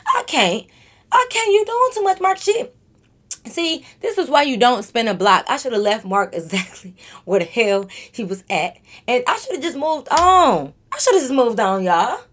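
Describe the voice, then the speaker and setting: A woman vlogger telling a storytime monologue straight to her viewers, animated and freely cursing. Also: fairly high pitch.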